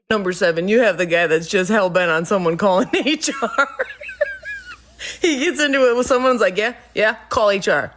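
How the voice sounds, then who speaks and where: A woman's voice: medium pitch, moderate pace, long pauses, slight background noise. A woman who manages a workplace, telling comic stories about her employees, often laughing mid-sentence and swearing freely. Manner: animated. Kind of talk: comedic storytelling monologue.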